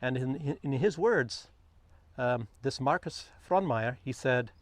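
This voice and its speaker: A man vlogging outdoors on a quiet morning walk, chatting loosely about the news, meandering and often chuckling. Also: medium pitch, lively intonation, slow, no echo. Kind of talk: rambling commentary on the news.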